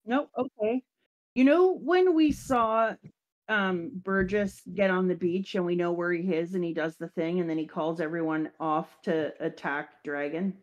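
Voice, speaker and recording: A woman hosting a casual talk show, recapping an anime episode in lively chat and briefly acting out the characters' lines. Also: fairly low pitch, unhurried, dull audio. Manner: animated, acts out character lines. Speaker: podcast host.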